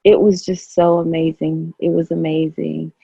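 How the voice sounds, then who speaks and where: A woman's voice: low-pitched, level tone, moderate pace, gravelly, dark tone, breathy edge, no room sound, highs cut off. A woman guest in casual conversation, talking in an emotional, effusive, rambling way with many fillers. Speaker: podcast guest.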